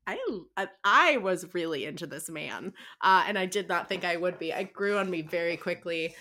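A woman co-hosting a casual book podcast, telling a story in a giggly, animated way with lots of fillers. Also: on the low side, moderate pace. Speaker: podcast co-host.

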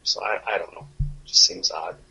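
A man's voice: low voice, fairly even intonation, normal speed, pushed and bright, breathy edge, whispered, lo-fi sound, soft background music. A man co-hosting a podcast, talking sports in a blunt, profane, rambling way. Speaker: podcast co-host. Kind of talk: casual sports chat.

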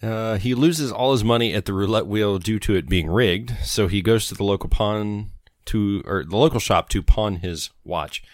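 A man reads a film's plot aloud on a casual podcast, now and then breaking into a chuckle. His voice sits on the low side, recorded close and dry with no room around it. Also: normal speed, no room sound. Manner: reads plot summaries, laughing at times. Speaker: podcast co-host.

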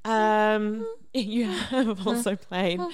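A woman's voice: mid-range voice, fairly even intonation, very slow. A woman chatting casually about musicals, often hesitant and searching for words, laughing along.

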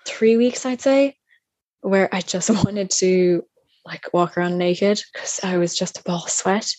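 A young woman chatting casually as a guest, recounting a personal story with lively, acted-out quotes and plenty of fillers. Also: lowish voice, unhurried, no echo. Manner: animated, acts out other people's lines; chatty with many fillers and restarts.

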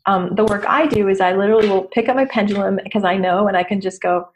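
A middle-aged woman business coach speaks casually and openly, poking fun at her own mistakes. Her delivery is animated and she laughs often, with a voice pitched in the middle range for a woman. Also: quick pace. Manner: candid, animated, self-deprecating, laughs often. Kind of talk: casual motivational talk.

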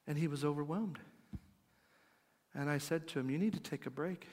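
Man preaching in a reverberant hall. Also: fairly high pitch. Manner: conversational, asks the audience questions; drops to a quiet, slow voice for emphasis. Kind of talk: sermon.

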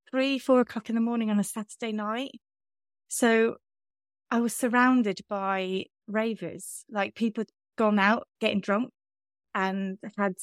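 A woman's voice: medium pitch, no room sound, clean studio sound. A woman, telling a personal story on a podcast in a candid, self-mocking way. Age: 30s. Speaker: podcast host. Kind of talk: casual chat.

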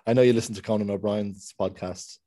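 A man from Ireland co-hosting a podcast, laid-back and quick to laugh in casual chat. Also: fairly low pitch, steady tone, dark tone. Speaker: podcast co-host.

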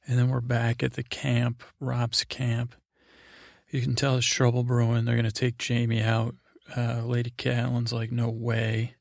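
Man, gravelly, flat monotone, meandering recap, offhand impressions, dry close sound. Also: mid-range voice, measured pace, dry recording. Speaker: podcast host. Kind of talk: rambling sleep-aid recap.

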